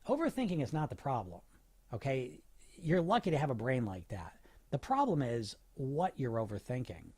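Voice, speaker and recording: A man hosting a podcast as a weight loss coach, talking in a casual motivational way and firing off rhetorical questions. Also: mid-range voice. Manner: animated, asks rhetorical questions, fillers and restarts.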